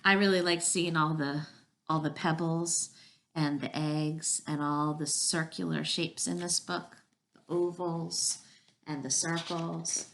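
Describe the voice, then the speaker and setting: A woman preschool teacher reads a picture book aloud for young children. Her voice sits on the low side with a noticeable gravelly fry. She talks gently and encouragingly, guiding the kids along. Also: steady tone, takes it slowly. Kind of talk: children's story time reading.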